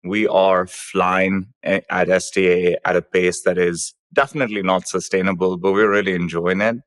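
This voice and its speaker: A man's voice: low-pitched, little pitch movement, normal speed. A man co-hosting a business podcast, easygoing in casual chat. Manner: laughs often, easygoing. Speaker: podcast co-host.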